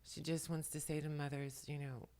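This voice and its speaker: A tearful woman at home, speaking to the camera in a soft, halting way while relaying messages, often dropping to a whisper. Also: low-pitched, level tone. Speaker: spiritual channeler and makeup vlogger. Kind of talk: emotional channeling talk to camera. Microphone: camera mic, speaking to the camera.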